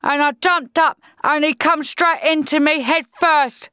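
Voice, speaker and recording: A woman voicing a blunt, plodding female troll soldier with rough, plain speech. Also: high voice, fairly even intonation, a little slow, sharp tone, dry recording, studio quality, voice pushed up. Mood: grumbling.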